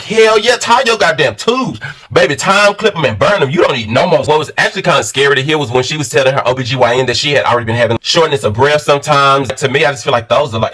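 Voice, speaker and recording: A man reviewing a reality show in casual, animated commentary, full of slang and direct asides to viewers. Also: mid-range voice, low-quality recording. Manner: animated, slangy, addresses viewers as sis and baby.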